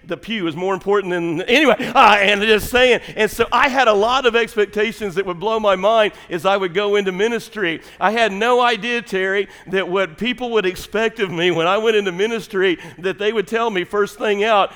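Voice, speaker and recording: A man preaching a sermon as pastor, telling folksy stories and building to emphatic, shouted points. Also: high-pitched, moderate pace, hardly any pauses. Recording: long hall reverb.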